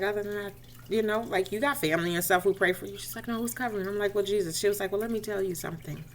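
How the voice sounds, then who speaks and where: A woman's voice: medium pitch, quick pace, slight background noise. A woman speaking directly to listeners as she tells a personal faith testimony, casually and conversationally, and often replays the dialogue as she retells it. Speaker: inspirational speaker.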